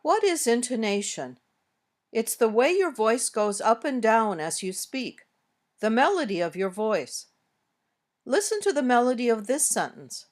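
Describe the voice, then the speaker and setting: An American woman reading a scripted English lesson, modeling sentences slowly and carefully as a teacher. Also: fairly high pitch, very animated. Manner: slow, careful, clearly modeled example sentences. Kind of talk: scripted instructional narration.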